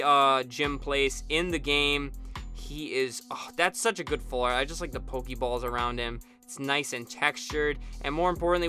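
A young man talks his viewers through a card pack opening, listing each card in turn and getting loud and excited over the good ones. His voice sits fairly high for a man and has a bright, forceful edge. Soft music plays underneath. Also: moderate pace. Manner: excitable, rattles off card names, bursts of cheering at good pulls. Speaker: channel host opening trading card packs. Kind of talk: casual pack-opening commentary.

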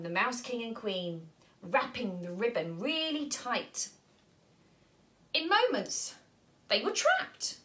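A woman storyteller at a nursery reading a picture book aloud to young children, animated and asking them questions. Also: a little high.

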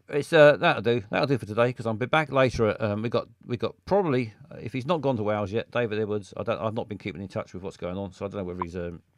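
Low, dry-voiced rambling male streamer. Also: no room sound. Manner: rambling and hesitant, many fillers. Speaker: streamer host. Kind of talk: casual live-stream chat.

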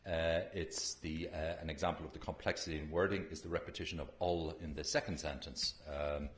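A man giving an academic conference lecture, halting with frequent fillers and restarts. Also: extremely low pitch, steady tone. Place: lecture room. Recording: echoey room.

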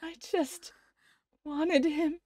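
A woman's voice: high voice, steady tone, extremely slow, a little mellow, no echo. A woman voicing a tearful dying young woman. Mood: heartbroken. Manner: tearful, broken phrases. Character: young female scientist, wounded and dying, heartbroken. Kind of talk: reading a visual novel aloud.

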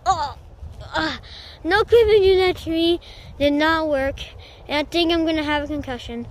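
A woman playing out a homemade adventure in an excited, rambling way, full of filler sounds. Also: sits high, normal speed. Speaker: narrator voicing the hero. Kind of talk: homemade adventure play-acting.

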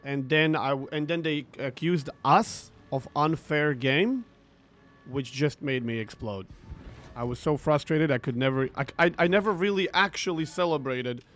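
A man ranting about a tournament over gameplay, frustrated and swearing, repeating himself as he tells the story. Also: a little high. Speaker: gaming streamer.

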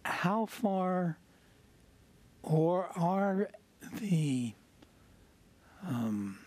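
A woman co-hosting a studio talk show, asking slow, lively questions. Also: fairly low pitch. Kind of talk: casual studio chat.

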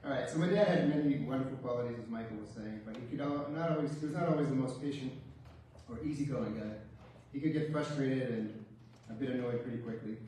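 A man's voice: mid-range voice, mellow, slight background noise. Guy doing a eulogy, funny wry stories, mic kinda far off, big echoey church sound. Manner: wry storytelling with light chuckles. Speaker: son giving a eulogy. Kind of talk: funeral eulogy with humorous anecdotes.

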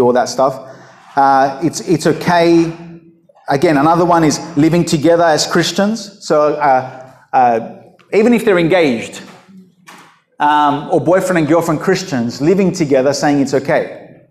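Blunt, emphatic male preacher, slightly high voice, echoey room. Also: moderate pace, darkish tone. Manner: blunt, emphatic, rhetorical questions. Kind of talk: unscripted preaching talk.

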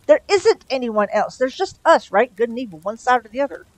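A woman's voice: on the high side, very animated, a little fast, pitched above the performer's own voice, poor audio. A woman reading aloud and voicing a sly, sour male demon in a raised, emphatic voice.

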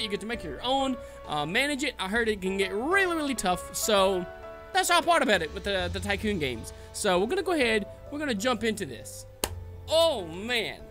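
A man hosting a casual let's-play, chatting in an excitable, jokey way while he plays. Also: high voice. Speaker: gaming channel host.

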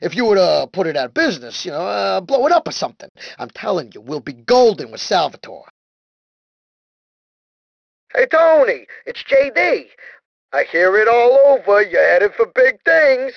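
An actor playing a sleazy, jittery small-time mobster wannabe in a video game, with a whiny, rambling, panicky way of talking. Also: male voice, high-pitched, sing-song, normal speed, gravelly, no echo, muffled recording, exaggerated voice. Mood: scheming. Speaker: game character.

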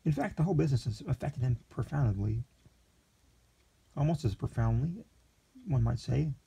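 A man reading a short story aloud in an unhurried, plain storytelling manner. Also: mid-range voice, lively intonation, gravelly, dark tone, breathy edge.

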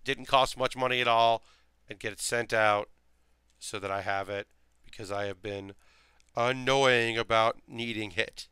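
A man with a medium-pitched, steady voice streams himself building a model, speaking at a measured pace in a bright, forceful, clean tone on a dry recording. He sounds sleepy and yawns, rambling casually, thinking aloud, and muttering to himself as he works.

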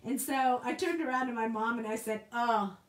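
A woman hosting a crafting video, telling a lively story in a casual way, laughing often and acting out the people she quotes. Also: on the high side, moderate pace. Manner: animated, laughs often, acts out quoted voices. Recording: echoey room.

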